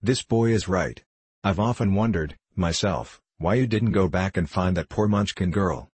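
A cheerful straw scarecrow, read by a man with a low, husky voice. He speaks in a positive, agreeable way, recorded close and dry for a storybook. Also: lively intonation, a little fast, no room sound. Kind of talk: audiobook reading.

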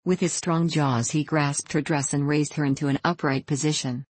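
Low-voiced woman reading a storybook. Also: steady tone, normal speed, a little mellow, husky, no room sound. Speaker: reader. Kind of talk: audiobook narration.

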